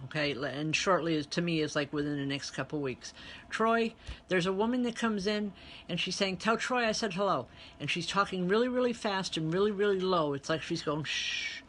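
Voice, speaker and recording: A woman's voice: low voice, brisk, slight background noise. A woman reverend working as a medium, giving a live online spiritual reading and talking chattily to viewers as she relays spirit messages.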